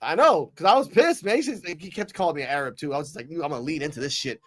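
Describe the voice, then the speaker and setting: A man's voice: a little high, racing. A man hosting a casual interview, telling stories with lots of swearing and acted-out voices. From Puerto Rico. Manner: animated storyteller, swears freely, acts out voices. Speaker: host interviewing a streamer.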